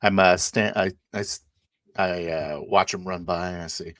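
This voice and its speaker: A man in a tabletop game session, roleplaying in character with an animated, halting delivery. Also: low voice, no echo, clean studio sound.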